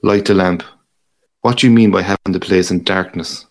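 A man's voice: low-pitched, fairly even intonation, normal speed, lightly acted. A man voicing a bad-tempered, bullying father who barks harsh orders. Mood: gruff.

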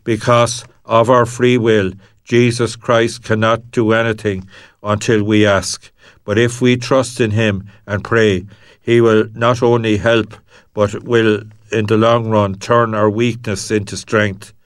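A priest reading scripture and giving a homily in a measured, even voice. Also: male voice, lowish voice, no echo, studio quality.

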